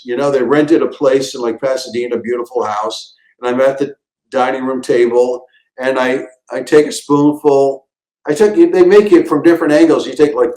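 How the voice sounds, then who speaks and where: Roomy-sounding man telling animated stories. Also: medium pitch. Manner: animated, acts out quotes and sound effects. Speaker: comedian guest. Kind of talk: casual storytelling.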